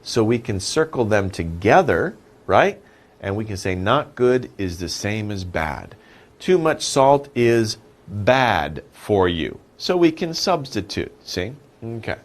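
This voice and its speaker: A male English teacher talks through a lesson at an unhurried pace. His pitch moves a lot as he stresses key words. He asks questions and then answers them himself, patient and repetitive. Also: sing-song. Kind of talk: slow, animated vocabulary lesson.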